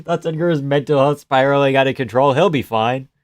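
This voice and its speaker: A man's voice: medium pitch, a little fast. A man live-streaming casual commentary while watching fights, blunt, sarcastic and swearing freely.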